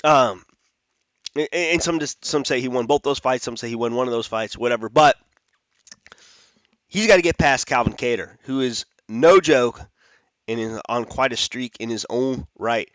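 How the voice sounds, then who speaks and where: Talking through fight picks at a moderate pace, the male host rambles in a chatty way, often starting over and correcting himself. His mid-range voice is fairly bright, with no room sound in the recording.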